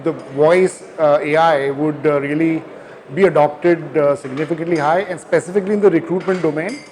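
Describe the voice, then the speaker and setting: Earnest male founder with an Indian English accent, halting delivery. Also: a little high, fairly even intonation, a little mellow, a little hiss or hum. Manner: hesitant, many fillers, earnest. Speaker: company founder, guest. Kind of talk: conference interview. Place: conference hall.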